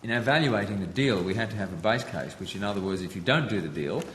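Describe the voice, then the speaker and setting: A man testifying before a parliamentary committee, answering in a measured, hesitant way with frequent restarts. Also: fairly low pitch, expressive, fairly bright tone, slight background noise. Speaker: company executive answering senators. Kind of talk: formal hearing testimony.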